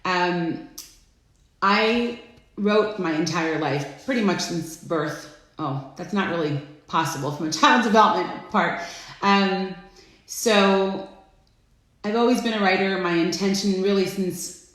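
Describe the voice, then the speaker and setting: A middle-aged woman hosting a casual live stream, chatty and friendly, greeting viewers by name with bursts of excitement. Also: mid-range voice, takes it slowly. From Florida. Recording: echoey room.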